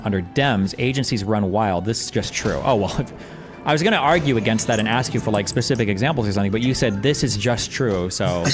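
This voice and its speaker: A man streaming while he reacts to a video, ranting in a casual, sarcastic and profane way. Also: fairly low pitch. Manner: animated, sarcastic, profane rants.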